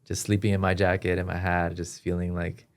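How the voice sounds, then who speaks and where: Man, podcast guest, personal testimony, deep voice, gravelly fry, earnest halting delivery. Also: completely flat delivery. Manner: earnest, halting storytelling with frequent restarts.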